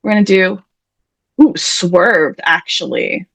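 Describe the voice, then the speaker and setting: A woman with a fairly low, slightly bright voice and some vocal fry hosts an online word game over a video call, speaking slowly but animatedly with no echo. As emcee of an online writers' event, she reads players' suggestions aloud in a chatty, playful, self-deprecating live-stream style.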